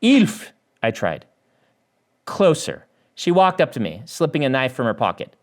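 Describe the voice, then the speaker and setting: A man's voice: medium pitch, normal speed. A man reading his own novel aloud as first-person narration, lifting his voice for dialogue. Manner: animated reading that lifts the voice for dialogue. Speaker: author.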